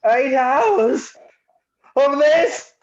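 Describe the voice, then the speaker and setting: A woman's voice: sits high, very animated, a little fast, mellow, highs cut off. A woman reading the part of a panicking, drugged male solicitor, frantic and talking to himself in an amateur script reading. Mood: alarmed.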